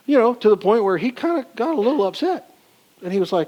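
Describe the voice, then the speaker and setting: A man's voice: high-pitched, animated, fast talker. A male pastor preaching a sermon in a folksy, colloquial way, asking the congregation rhetorical questions.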